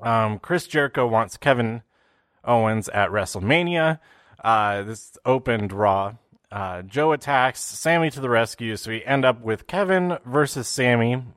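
A man in a loose, rambling recap, stumbling through restarts and fillers before landing on his point. His voice sits at an ordinary middle pitch. The sound is close and dry, with no room around it. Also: animated, measured pace, a bit bright, clean tone, dry recording. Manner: puts on silly voices for quotes. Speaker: wrestling recap host. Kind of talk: casual show recap.

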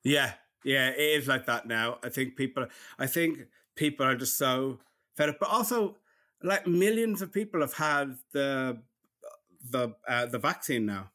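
An Irish man with a slight lisp, chatting loosely on a podcast. His voice is bright and forward, mid-pitched, and he rushes and mumbles through his stories with easy laughter. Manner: fast, mumbling, laughs often. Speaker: podcast co-host. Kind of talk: casual chat.

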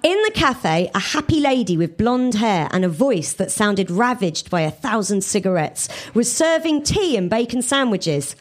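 A woman comedian from England reading her own comic fan fiction aloud to a live audience, with quick asides to the crowd. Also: mid-range voice, big pitch swings.

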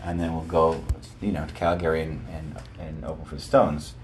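An older man who sings in a rock band, telling a story to an interviewer in a relaxed chat and slipping into other people's voices. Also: extremely low pitch, moderate pace, slight background noise. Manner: animated, breaks into voices of people in his stories. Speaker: lead singer, interview guest. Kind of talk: casual storytelling.

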